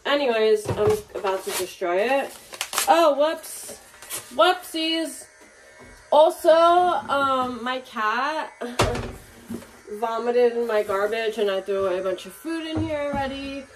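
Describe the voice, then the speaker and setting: A woman's voice: a little high, expressive, measured pace. Angry young woman venting, lots of swearing. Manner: angry, swearing, filler-heavy. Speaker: vlogger. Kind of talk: casual venting vlog. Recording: audible background noise.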